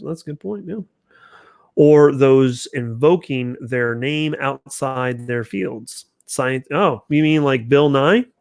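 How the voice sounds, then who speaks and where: A man at an ordinary mid pitch hosts a casual livestream from a home studio, reacting to viewer comments as they come in. He talks loosely and chattily, often restarting his sentences. The sound is dry and close, with no room echo. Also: gravelly. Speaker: channel host.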